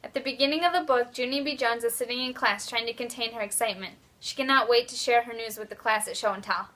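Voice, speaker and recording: A young woman, a student, presenting a children's book and reading a passage aloud cheerfully and clearly. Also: fairly high pitch, steady tone, fast talker, bright, forceful tone. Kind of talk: read-aloud book talk.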